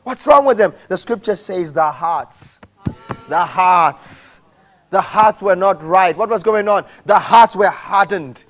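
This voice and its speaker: Male pastor, high voice, animated sermon delivery with shouted peaks. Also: takes it slowly.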